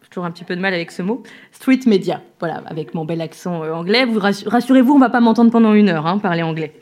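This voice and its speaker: Présentatrice française sur scène, ton léger. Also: female voice, mid-range voice, rapid-fire, darkish tone. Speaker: festival presenter. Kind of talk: stage introduction. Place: stage at a festival.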